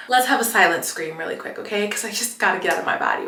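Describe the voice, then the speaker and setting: A young woman talks straight to her viewers in a bright, forceful voice, chatty and expressive. She leans into emphatic repeats as she vents. The room around her rings with a noticeable echo. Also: mid-range voice, fast, few pauses, a little hiss or hum. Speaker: vlogger. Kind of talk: casual chat to camera. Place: home, getting ready for the day. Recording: roomy echo.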